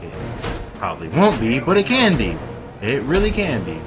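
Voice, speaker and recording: A man giving casual let's-play commentary, rambling and talking straight to his viewers, often breaking into excited exclamations. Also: medium pitch, normal speed, over music. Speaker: gameplay commentator.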